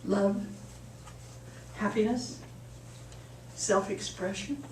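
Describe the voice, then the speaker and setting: A woman's voice: mid-range voice, steady tone, very slow, a little hiss or hum. A woman minister giving a sermon in a chatty, storytelling way. She laughs at her own jokes. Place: church hall. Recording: echoey hall, mic far off.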